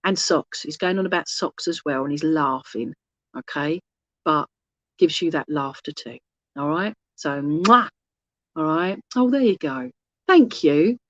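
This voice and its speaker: A woman's voice: low-pitched, expressive, measured pace, no room sound, dull audio. Chatty woman medium on a phone. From England. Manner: chatty and rambling, often losing her track and restarting; affectionate asides to the audience. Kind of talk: online mediumship reading. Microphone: phone held in hand.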